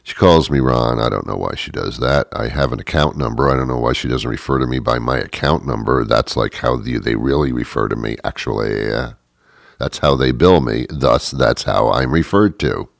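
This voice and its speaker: A middle-aged man with an extremely deep, low voice talks through a comic monologue in a deadpan, rambling, self-mocking way. The recording is close and dry, with no room sound at all. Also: normal speed, gravelly, dry recording.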